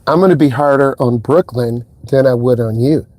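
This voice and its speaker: A man's voice: moderate pace, few pauses, no room sound. Chatty male driving instructor. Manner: animated storyteller, acts out quotes in a higher voice. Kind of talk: casual vlog talk. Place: inside a car.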